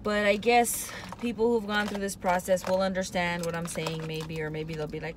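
A woman's voice: medium pitch, steady tone, normal speed, hardly any pauses, background noise. A woman vlogging from a parked car. She is emotional and close to tears, and she talks hesitantly, rambling and trailing off. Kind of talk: casual confessional vlog. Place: parked car in a parking lot.

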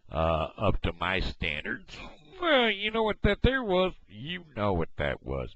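Deep-voiced man with a halting vlog delivery. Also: a bit bright. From Missouri, USA. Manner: halting, many fillers and restarts. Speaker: video blogger. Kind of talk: casual talk to camera. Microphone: headset microphone. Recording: dull lo-fi headset mic.

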